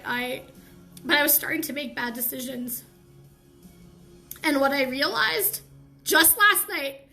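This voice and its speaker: A woman's voice: high-pitched, pushed and bright. A young woman hosting a live stream, giving a candid, heartfelt motivational talk with slangy asides.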